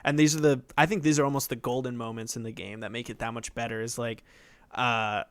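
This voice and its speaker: A man's voice: medium pitch, steady tone, a little fast, a bit bright. A young man co-hosting a podcast in casual chat, rambling with lots of fillers and cursing. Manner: rambling, lots of fillers, swearing, puts on goofy voices. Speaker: podcast co-host.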